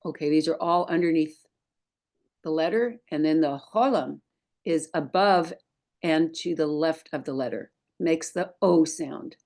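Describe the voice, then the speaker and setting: Slow, low-voiced woman teaching. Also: darkish tone. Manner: patient, deliberate, spells things out. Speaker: Hebrew teacher. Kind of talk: slow screen-share lesson.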